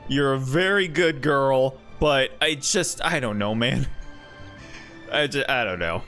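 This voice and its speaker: A man's voice: medium pitch, unhurried, pushed and bright, faint music behind. A young man streaming a game, chatting casually in a laid-back, rambling way. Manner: rambling, laid-back, with many fillers and restarts. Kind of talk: casual chat while gaming.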